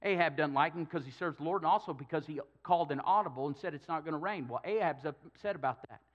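A man's voice: fairly high pitch, fast, lo-fi sound. A male pastor preaching a sermon, telling a Bible story with jokes and acted-out quotes. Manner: storytelling with humor, acting out quotes.

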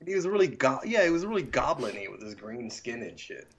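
A man's voice: mid-range voice, very animated, fairly quick, breathy edge, lo-fi sound. A man co-hosting a casual recap chat, joking and swearing. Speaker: podcast co-host.

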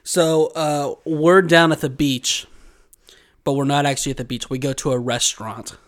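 A man's voice: on the high side, steady tone, normal speed. A man, co-hosting a podcast, telling a long dream story in casual chat and laughing often as he goes. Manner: rambling, laughs often while telling stories. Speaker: podcast co-host.

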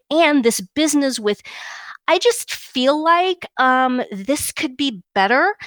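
A podcast co-host rants indignantly and emphatically with strong opinions, often restarting and repeating words. She has a fairly high pitch and a fairly bright tone, recorded with no echo.

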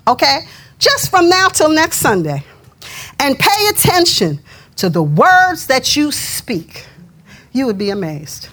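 A woman's voice: high-pitched, fairly bright tone. A middle-aged woman preaching a sermon in a conversational way, with quoted asides and laughter.

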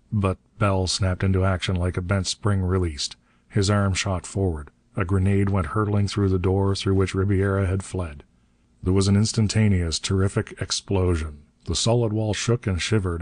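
Deep-voiced male audiobook narrator. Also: dry recording. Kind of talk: audiobook narration of pulp adventure.

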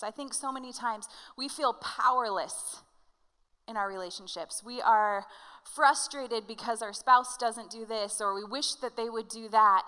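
Bright-voiced woman preaching in a reverberant hall. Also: fairly high pitch. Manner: animated storytelling, conversational with the congregation. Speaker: pastor. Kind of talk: sermon with personal story. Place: church hall.

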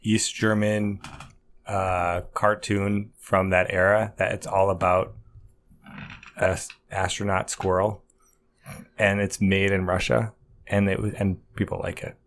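Lowish guy rambling on a podcast, lots of ums, jokey. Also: little pitch movement, measured pace, a bit bright, a little hiss or hum. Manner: rambling, hesitant, joking. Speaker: podcast guest. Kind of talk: casual chat.

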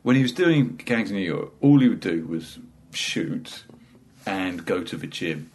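A man's voice: sits low, sing-song, measured pace, a little mellow. A man, a stand-up comedian chatting casually, rambling, cutting himself off mid-sentence and laughing through his stories. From England. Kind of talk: casual chat.

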